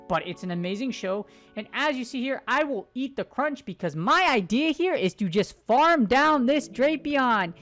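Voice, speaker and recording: Excitable higher-voiced woman gaming commentator. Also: normal speed, hardly any pauses, soft background music. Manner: excitable, joking, swears casually. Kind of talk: casual gameplay commentary.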